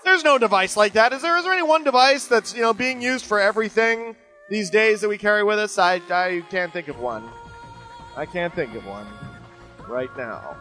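Sarcastic guy rambling on his show, high bright voice, jumps up in pitch a lot, soft music under it. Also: normal speed, low-quality recording. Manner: joking, sarcastic, animated with sudden pitch jumps. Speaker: podcast host answering listener emails. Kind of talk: casual rambling monologue.

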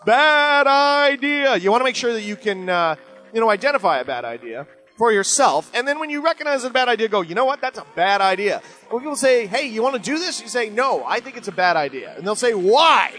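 A man's voice: quick pace, soft background music, low-quality recording. A middle-aged man hosting a show, rambling casually and sarcastically as he answers listener emails. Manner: joking, sarcastic, animated with sudden pitch jumps.

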